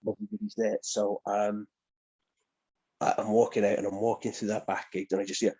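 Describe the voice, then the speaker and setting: A man's voice: lowish voice, fairly quick, slightly rough, muffled recording. Chatty Welsh man telling stories. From Newport, South Wales. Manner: animated, chatty, laughs often, keeps asking "do you know what I mean". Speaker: professional wrestler guest. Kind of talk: casual storytelling interview.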